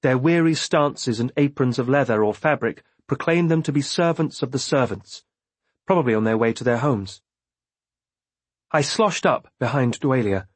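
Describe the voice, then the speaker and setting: A man reading a novel aloud in first person with measured, steady storytelling. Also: mid-range voice, husky, no room sound. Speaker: audiobook narrator. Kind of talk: scripted first-person narration.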